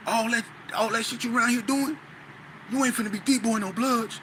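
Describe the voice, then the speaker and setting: A man's voice: very high-pitched, steady tone, a little fast, fairly bright tone, slight background noise, voice pushed up. A man acting out a menacing gang leader who threatens rivals with profane, cold talk.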